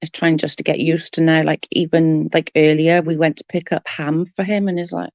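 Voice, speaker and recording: Gravelly Welsh woman chatting on a live stream. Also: low voice, little pitch movement, moderate pace, a little mellow, no echo, highs cut off. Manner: chatty, greets viewers by name, emotional and earnest. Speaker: livestream host. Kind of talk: casual live-stream chat.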